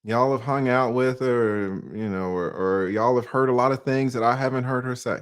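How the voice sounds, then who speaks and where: A man's voice: medium pitch, normal speed, clean tone. A man in his forties with a Southern US accent talks straight to his viewers in a loose, conversational monologue. He sits in the middle of the male range and keeps asking himself questions before answering them. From Atlanta, US South. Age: 40s. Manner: conversational, poses rhetorical questions, uses slang. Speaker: online commentator. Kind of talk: casual monologue commentary.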